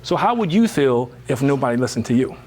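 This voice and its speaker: A man giving a lively motivational talk to parents, full of rhetorical questions and "you know.". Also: brisk, slight background noise. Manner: lively, emphatic, rising high when animated. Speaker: speaker on parenting.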